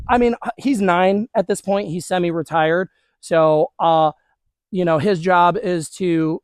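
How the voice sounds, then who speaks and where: In a hands-on demonstration, a man with a notably high voice trains a dog while casually encouraging the viewers watching. He's recorded outside with a close, dry sound and no echo.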